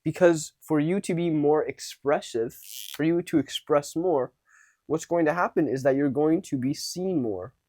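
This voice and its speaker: A man's voice: fairly high pitch, moderate pace, darkish tone, no room sound. Man coaching, dry close sound. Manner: demonstrates tones of voice, shifting between unsure and commanding. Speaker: social skills coach. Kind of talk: casual teaching to camera.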